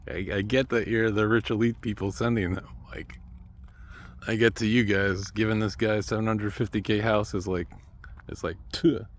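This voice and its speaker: A man talking in a rambling monologue who trails off quietly, then breaks into sudden loud outbursts. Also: on the low side, a little hiss or hum.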